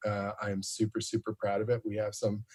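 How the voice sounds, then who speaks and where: A man's voice: on the low side, monotone, a little mellow, slightly rough. A man from Canada, a comic book writer, chatting on a podcast with enthusiasm and frequent laughter. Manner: enthusiastic, laughs often, quick asides. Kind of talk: casual podcast chat.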